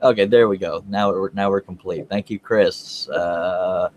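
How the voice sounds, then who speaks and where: A man's voice: sits low, steady tone, a little slow, slight background noise. A man hosting a woodworking panel over a video call, chatty and teasing his guests. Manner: joking, teasing. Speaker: host of a woodworking panel show. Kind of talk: casual chat.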